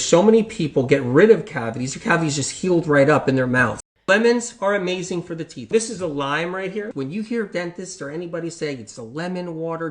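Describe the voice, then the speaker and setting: A middle-aged man talks in an animated monologue, his voice sitting a little high for a man. He hammers his points with repeated rhetorical questions and swings from loud outbursts to quieter, low-key stretches. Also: no echo. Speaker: health talk host.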